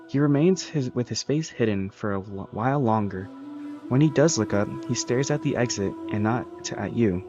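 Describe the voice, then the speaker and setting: A man's voice: mid-range voice, normal speed, dull audio, over music. A man casually reading a visual novel aloud, stumbling over words and correcting himself. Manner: casual, self-correcting, joking asides. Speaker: let's-play reader.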